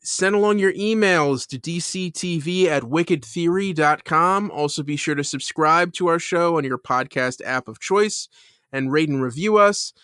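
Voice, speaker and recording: A man's voice: a little high, normal speed, fairly bright tone, smooth, dry recording, studio quality. A man co-hosting a podcast in casual chat, rambling with many fillers and restarts, laughing as he retells a scene. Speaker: podcast co-host.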